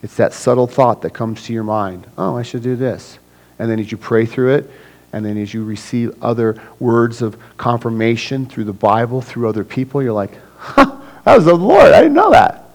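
A man's voice: fairly even intonation, moderate pace, rough recording. A man preaching to his church in a conversational way, often acting out little scenes with other people's voices. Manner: conversational preaching, acts out voices of people with big swings in pitch and loudness. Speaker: pastor. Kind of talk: sermon.

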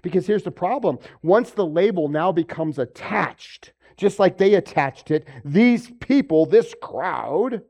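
A man's voice: high voice, lively intonation, measured pace, gravelly, hardly any pauses, darkish tone. A man preaching a sermon, asking rhetorical questions and acting out the voices of the people he quotes. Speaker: pastor.

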